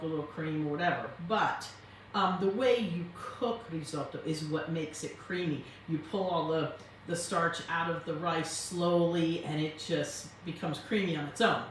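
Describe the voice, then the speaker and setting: A woman's voice: lowish voice, slight background noise. Chatty woman cooking in an echoey kitchen. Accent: Italian-tinged English. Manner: chatty, rambling, explains as she cooks. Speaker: home cooking show host. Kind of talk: casual cooking demonstration. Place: home kitchen. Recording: very echoey kitchen, distant mic.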